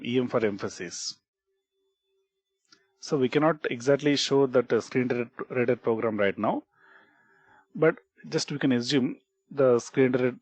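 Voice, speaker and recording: A medium-pitched man with an Indian English accent teaches programming in a screen-recorded tutorial without any echo. His style is explanatory: he repeats important points, restarts words, and frequently asks "okay" and "right?"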